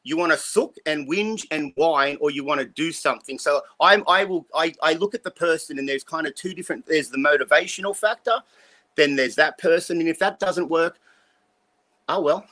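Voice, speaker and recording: This guest, a blunt man in his fifties, has a voice on the high side, pushed and bright, delivered at a moderate pace. In a casual interview he rambles through life lessons, swearing as he goes in a profane motivational style.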